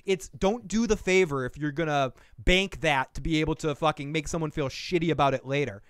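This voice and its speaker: A man's voice: on the high side, a little fast, clear, resonant tone, no echo, clean studio sound. A man hosting a casual TV recap chat, ranting with lots of swearing and acting out characters' lines. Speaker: podcast host reviewing a TV show.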